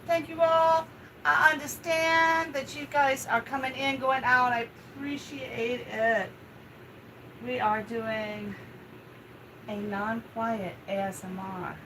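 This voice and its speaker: A woman's voice: high-pitched, fairly even intonation, takes it slowly, noisy background. A woman hosting a live stream, talking casually while she grooms her dog, with a coaxing, soothing baby-talk manner. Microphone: home live-stream setup.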